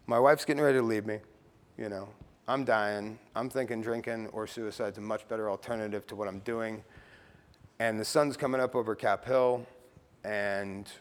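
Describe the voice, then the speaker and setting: A man's voice: lowish voice, steady tone, moderate pace, big-room sound. A middle-aged man sharing his recovery story at a meeting, blunt and casual, swearing and tossing in "you know" and "right.".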